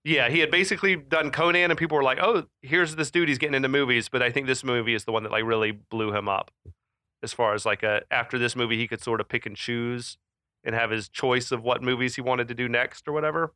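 Bright-voiced man in a casual movie chat. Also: medium pitch, steady tone, fast, no room sound, studio quality. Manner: chatty, laughs easily, lots of fillers. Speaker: podcast co-host.

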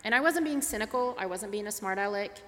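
A middle-aged woman from Tulsa, Oklahoma, an interfaith advocate, tells a personal story with animation, acting out the dialogue as she goes. Her mid-range voice moves fast and carries a big-room sound.

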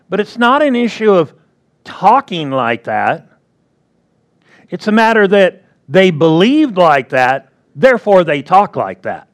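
Man, pastor, sermon, high voice, unhurried delivery, conversational preaching. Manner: conversational preaching, asks the congregation questions.

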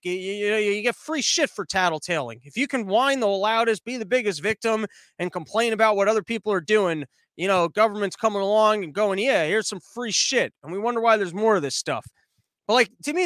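Host type: American guy, high voice, profane sarcastic rant, dry close sound. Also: a bit bright, no room sound. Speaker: commentary show host. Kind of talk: ranting commentary monologue.

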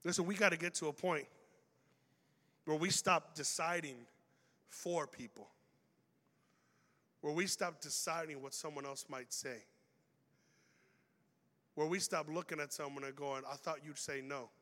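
A man preaching a youth sermon in a large hall, animated and acting out quoted people with humor. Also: on the high side, a little slow, pauses often. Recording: long reverb of a big hall.

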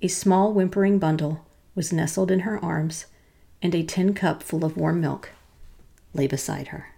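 A woman narrates a tale in a low, gravelly voice. Her delivery is measured and dramatic. The tone is dark and mellow throughout. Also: fairly even intonation. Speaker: podcast host and storyteller. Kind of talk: storytelling narration.

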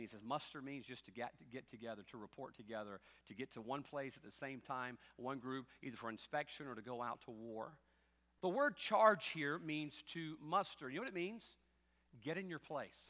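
Gravelly, bright-voiced male preacher. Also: high voice, big-room sound. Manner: swings between loud preaching and quiet joking asides. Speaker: pastor. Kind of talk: sermon. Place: church sanctuary.

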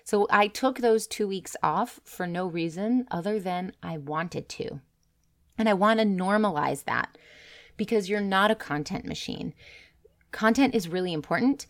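Casting: woman coach, earnest and conversational, slightly low voice, speaking directly to her followers. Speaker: business coach and content creator. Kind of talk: casual direct-to-camera talk.

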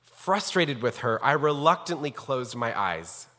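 A man's voice: mid-range voice, sing-song, a little slow, pushed and bright. A rabbi speaking formally and earnestly as he introduces a guest scholar, telling a personal story. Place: synagogue sanctuary. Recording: long hall reverb.

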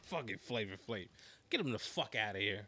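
A man co-hosting a casual podcast, loud, blunt and joking, full of profanity. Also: fairly low pitch, lively intonation, a little fast, breathy edge. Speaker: podcast co-host. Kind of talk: casual chat.

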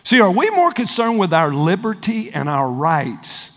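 A male pastor with a drawl preaching to a large congregation, his voice sitting high for a man. He presses his points hard and calls out for responses from the crowd. The sound carries a long reverb from the church hall. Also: huge pitch swings, unhurried. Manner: climbs high and loud when fired up. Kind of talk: sermon.

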